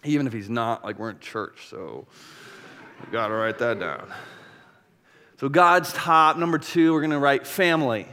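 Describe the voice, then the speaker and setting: A man in his thirties, a pastor preaching a sermon in a church, telling a personal story in a candid, animated way with confessional asides. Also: mid-range voice, moderate pace. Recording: long reverb of a large church hall.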